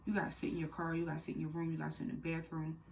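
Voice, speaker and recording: A young woman with a low, deep voice tells her own story straight to camera, talking candidly with lots of fillers and repeats. She turns earnest and direct when she gives advice, and a faint hiss sits under the recording. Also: monotone, rapid-fire, gravelly, darkish tone, low-quality recording. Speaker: vlogger. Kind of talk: personal storytime vlog.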